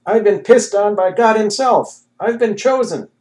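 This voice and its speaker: Manic male prophet, shrill and shrieking, loud and high. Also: a little slow. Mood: ecstatic. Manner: shrieking, frantic shouting.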